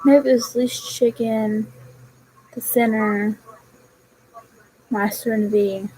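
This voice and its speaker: A woman's voice: a little high, steady tone, slow pace, dark tone, breathy edge, low-quality recording. A young woman chatting casually on her vlog, telling a rambling story about her work. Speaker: vlogger. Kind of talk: casual chat.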